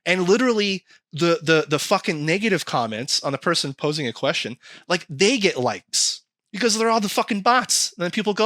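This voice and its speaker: A man chatting casually on a podcast, animated and swearing often as he acts out quoted comments. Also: high voice, fairly quick, few pauses, no room sound, clean studio sound. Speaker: podcast co-host.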